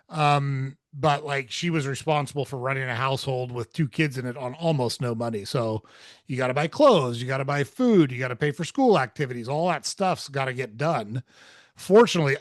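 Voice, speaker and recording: A man's voice: mid-range voice, no room sound. Podcast host, man, 40s, blunt and casual, swears freely, dry recording. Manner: candid, swears freely, animated when quoting. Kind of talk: casual storytelling conversation.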